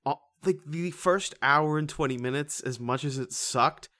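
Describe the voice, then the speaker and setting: A podcast co-host reviewing a horror movie in casual chat, animated, swearing and laughing often, with many fillers. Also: mid-range voice, normal speed.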